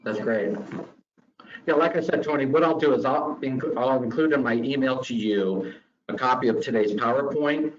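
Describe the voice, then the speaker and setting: A man's voice: medium pitch, moderate pace. Man explaining insurance in a webinar. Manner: explanatory, steady. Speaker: guest insurance expert, regional vice president. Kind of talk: answering questions in a webinar. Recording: dull lo-fi call audio.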